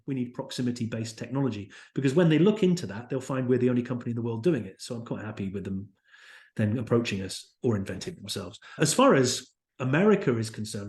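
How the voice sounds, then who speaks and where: A man's voice: mid-range voice, a little mellow. A man with a British accent, a company founder and podcast guest, chatting enthusiastically and telling stories. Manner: enthusiastic, storytelling, acts out quotes. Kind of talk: casual interview chat. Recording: roomy echo.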